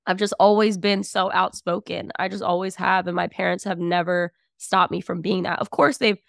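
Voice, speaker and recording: An outspoken young woman chats as a podcast guest, piling on fillers as she tells her stories. Her voice sits low with a gravelly fry, and the recording is close and dry. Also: moderate pace, dry recording. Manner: outspoken, animated storytelling with many fillers. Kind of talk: casual conversation.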